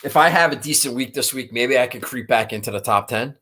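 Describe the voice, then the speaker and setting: A man's voice: mid-range voice, a little fast, sharp tone, slight background noise. A man hosting a golf betting show, talking in a rambling, profane, frustrated way. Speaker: golf betting podcast host. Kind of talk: casual chat.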